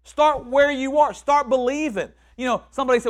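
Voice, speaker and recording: A man with a high voice preaches in a loose, conversational way. He restarts and repeats phrases, then slips into quoted voices to act out what people say. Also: a little fast, hardly any pauses. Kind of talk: sermon.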